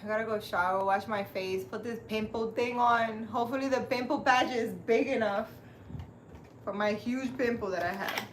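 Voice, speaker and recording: A woman's voice: a little high, moderate pace, a little hiss or hum. A woman who hosts her own channel as a spiritual healer, chatting casually and animatedly to her live viewers and laughing often. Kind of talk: casual live-stream chat.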